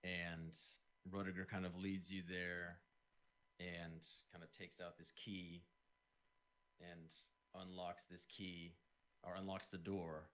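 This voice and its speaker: A man's voice: sits low, little pitch movement, takes it slowly, fairly bright tone. A man narrating as game master in a tabletop game, describing scenes loosely with lots of "kind of" hedges.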